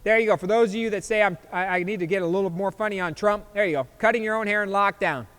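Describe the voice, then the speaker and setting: A man's voice: high voice, fast, fairly bright tone, smooth, long reverb tail. A man in his fifties hosting a podcast, reacting to memes in a loose, joking way and laughing often. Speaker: podcast host. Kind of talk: casual chat reacting to memes.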